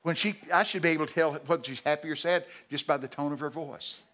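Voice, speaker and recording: A man in his seventies with a Texan accent, preaching a sermon in a folksy, emphatic way with sudden shouted exclamations. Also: fairly high pitch, fairly even intonation, fast. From Texas.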